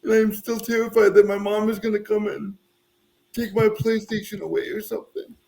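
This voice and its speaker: A man's voice: high-pitched, little pitch movement, a little fast, creaky, a little mellow. A man in his thirties from the US Midwest, chatting on a podcast in a rambling, self-mocking way. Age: 30s. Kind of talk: casual podcast chat.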